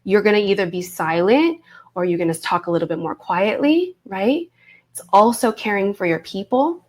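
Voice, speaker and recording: A woman's voice: mid-range voice, expressive, normal speed. A woman in her thirties teaching an online course, speaking in a reflective way and often checking in with her listeners. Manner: reflective, warm teaching tone with frequent "right?" check-ins. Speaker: voice coach.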